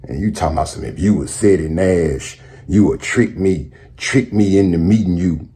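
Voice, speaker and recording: A man's voice: sits low, normal speed, dark tone, husky. A man making a sarcastic, mocking callout. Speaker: rapper responding in a clip.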